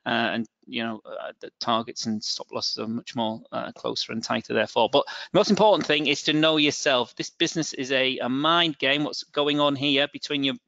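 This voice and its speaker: A middle-aged Englishman with a northern accent presents a live trading webinar in a mid-range, creaky voice with a sharp tone, speaking at normal speed with few pauses. He is hesitant, full of fillers and restarts. The webinar audio is dull, dry, and lo-fi.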